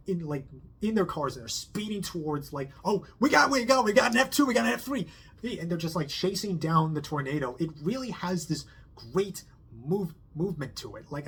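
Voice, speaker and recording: A man giving a casual spoken movie review, rambling with lots of fillers, restarts and quick impressions. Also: a little high, husky.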